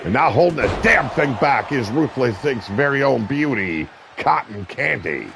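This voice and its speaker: Brash, shouting wrestling commentator, gravelly man. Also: medium pitch, sing-song, moderate pace, background noise. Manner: brash, profane, shouts at big moves. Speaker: play-by-play commentator.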